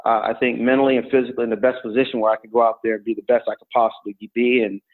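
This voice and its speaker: A man's voice: medium pitch, very fast. Middle-aged man telling stories over a tinny line. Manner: relaxed, rambling storyteller with many fillers. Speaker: former college wrestler and coach. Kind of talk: storytelling in an interview.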